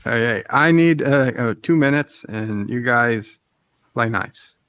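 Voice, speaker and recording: A man's voice: medium pitch, slow, a bit bright, clear, resonant tone, no echo. A man hosting a casual livestream chat, easygoing, reading viewer comments aloud. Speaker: livestream host.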